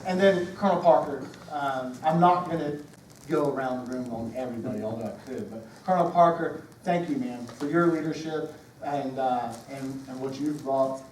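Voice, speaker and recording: A Southern man from Georgia, probably in his forties, giving a heartfelt, halting retirement speech full of fillers and restarts. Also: mid-range voice, a little mellow, slight background noise. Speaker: retiring Air Force senior master sergeant. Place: ceremony room. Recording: echoey room, speaker far from mic.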